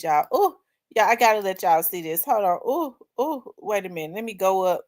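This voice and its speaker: A woman's voice: mid-range voice, normal speed. Chatty middle-aged woman hosting a livestream. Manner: animated, laughing, storytelling to the audience. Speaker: livestream host. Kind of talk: casual chat with viewers.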